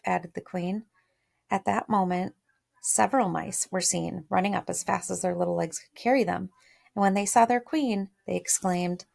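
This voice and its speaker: Lady teacher reading a story out loud and explaining words, chatty, a bit of gravel in her voice. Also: on the low side, normal speed. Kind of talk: read-aloud lesson with commentary.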